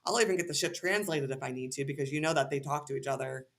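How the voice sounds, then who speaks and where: A woman's voice: extremely low pitch, fast talker. A woman as a podcast guest, ranting heatedly and cursing freely in casual conversation.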